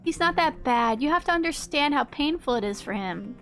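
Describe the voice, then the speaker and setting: A woman's voice: lively intonation, fairly quick. Woman raising her voice to play a pleading young peacemaker. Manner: pleading, higher and gentler. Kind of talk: reading game dialogue aloud.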